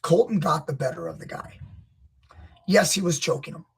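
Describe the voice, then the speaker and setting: A man coaching grappling, breaking down a wrestling match with emphatic, opinionated commentary that rises to near-shouts when he gets indignant. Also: a little high, huge pitch swings, normal speed, creaky, husky. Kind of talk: video commentary.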